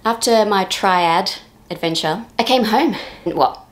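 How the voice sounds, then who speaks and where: A woman's voice: mid-range voice, slow pace. A woman in her thirties narrating a casual vlog in a chatty way, with playful joking asides. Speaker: vlogger.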